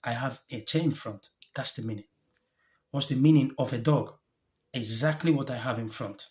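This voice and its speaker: A male life coach talks straight to camera in a reflective motivational monologue, his voice at an ordinary middle pitch. He speaks earnestly and gently, in short halting phrases with pauses between thoughts, openly moved and heartfelt.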